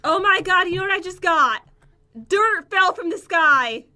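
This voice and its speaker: A woman co-hosts a casual gameplay session, excitable and giggly. Her voice sits very high and swoops lively up and down, with a bright, sharp edge. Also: unhurried. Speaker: gaming channel co-host.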